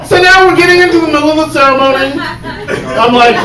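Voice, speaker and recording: A man telling a stand-up comedy story, animated, swinging from quiet asides to shouted punchlines, on a stage. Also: very high voice, fast. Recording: roomy live stage sound from a distance, audible noise.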